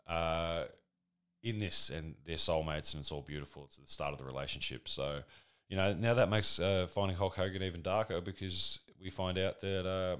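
Casting: low-voiced man, rambling, profane, sardonic comedy monologue. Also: clean tone. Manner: rambling, crude, sardonic, full of fillers.

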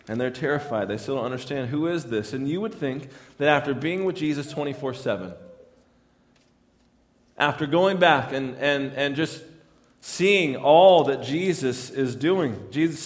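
Male pastor, slightly high voice, chatty sermon delivery with frequent restarts. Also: long reverb tail. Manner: conversational, repeats words and restarts lines.

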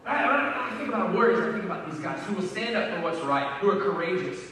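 A man's voice: sits high, expressive, quick pace, fairly bright tone, a little hiss or hum. A man preaching a sermon in a conversational, emphatic way, often repeating his words as he builds up. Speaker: pastor. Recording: echoey hall from far off.

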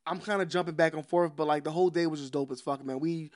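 Philly guy on a podcast, high voice, laughs a lot, easygoing slangy storytelling. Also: fairly even intonation, fast. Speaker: podcast co-host. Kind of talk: casual chat.

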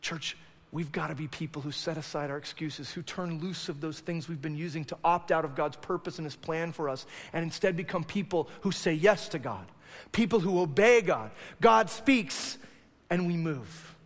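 High-voiced animated male preacher. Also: normal speed. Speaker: pastor. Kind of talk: sermon. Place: church sanctuary. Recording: long hall reverb.

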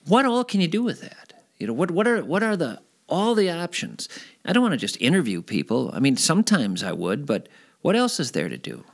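A former radio host telling stories in a casual interview, animated and rambling, sometimes self-deprecating. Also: male voice, on the high side, brisk, vocal fry.

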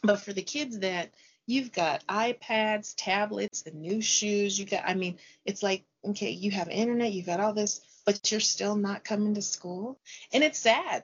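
A middle-aged woman who teaches chats casually in an interview, animatedly acting out classroom conversations as she tells her stories. Her voice is medium-pitched with a breathy edge, and the audio sounds dull.

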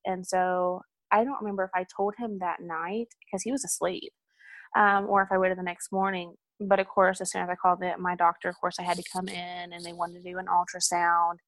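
A woman's voice: mid-range voice, dry recording. A young woman telling a personal story in a candid, rambling way, with many ums and asides. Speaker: hospital supervisor sharing a personal story.

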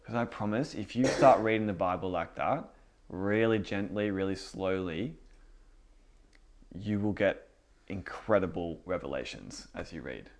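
This young man in his twenties has a deep voice and a measured pace. Working as a youth pastor, he gives casual spoken teaching in a conversational style, full of fillers and repeated words.

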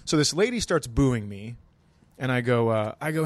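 Guest: male comic, even middle pitch, relaxed deadpan storytelling, dry studio sound. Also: moderate pace, no room sound. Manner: laid-back, dry storyteller who acts out voices in anecdotes. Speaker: stand-up comedian, podcast guest. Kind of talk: casual comedy podcast storytelling.

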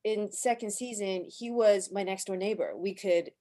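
A woman's voice: medium pitch, normal speed, mellow. A woman, a cast member, fondly recalling time on set in casual chat, with lots of "like" fillers. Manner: chatty, many "like" fillers, fond. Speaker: actor guest.

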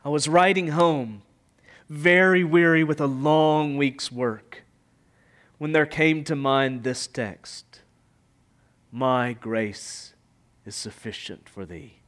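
A man preaching a sermon with passion, rising to loud emphatic peaks and falling to hushed, almost whispered lines. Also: on the high side, steady tone, slow. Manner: impassioned preaching, swelling loud and dropping to near whisper. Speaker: pastor.

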